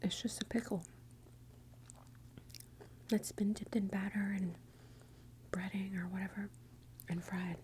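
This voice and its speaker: A woman's voice: mid-range voice, flat delivery, unhurried, long pauses, warm tone, a little hiss or hum. A woman from Texas with a Texan accent, whispering close to the mic as she hosts rambling, self-interrupting ASMR commentary. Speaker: ASMR channel host.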